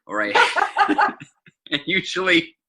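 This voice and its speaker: A man's voice: high-pitched, huge pitch swings, slow pace, bright, forceful tone. A man who is a comedian guest in a casual chat, reacting with incredulous questions.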